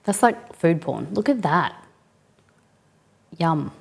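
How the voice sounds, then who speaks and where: A woman's voice: lowish voice, very animated, takes it slowly, vocal fry, slightly rough. A woman hosting a live cooking stream, chatting casually with viewers and greeting them by name.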